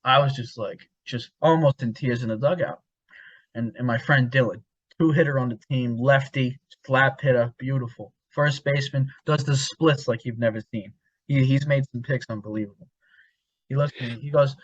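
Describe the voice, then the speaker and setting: A man's voice: mid-range voice, fairly even intonation, moderate pace, fairly bright tone, dry recording. A young man co-hosting a podcast, telling long rambling stories with frequent laughs and casual swearing. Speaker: podcast co-host. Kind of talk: casual chat. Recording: dull dry lo-fi sound.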